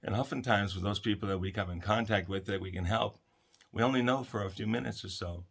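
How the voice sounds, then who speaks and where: Man, deep low voice, gentle reflective host, unhurried storytelling, counseling talk. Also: gravelly, husky.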